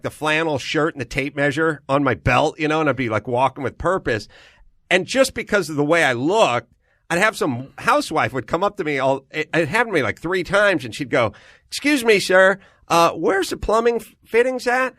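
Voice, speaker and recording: A middle-aged comedian from North Hollywood telling wry stories as a podcast guest. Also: male voice, on the high side, a little fast, no echo, studio quality. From North Hollywood, California. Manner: wry, blunt, lively storyteller. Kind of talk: casual storytelling chat.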